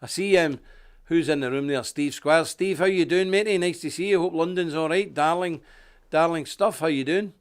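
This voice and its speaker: A man's voice: a little high, normal speed, clean tone. A middle-aged man with a Northern Irish accent, hosting a live online commentary, rambling and indignant as he reads from a paper and greets viewers. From Northern Ireland. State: coughing. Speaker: host.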